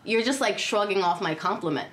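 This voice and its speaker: A woman's voice: mid-range voice, lively intonation, fairly quick, fairly bright tone. A woman chatting casually in an interview, effusive and full of compliments. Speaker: guest interviewer.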